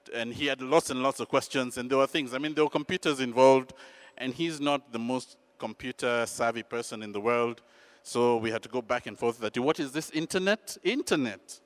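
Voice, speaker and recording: Animated male storyteller. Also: mid-range voice, brisk, clear, resonant tone, no echo. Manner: animated, dramatic, self-mocking. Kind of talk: personal storytelling.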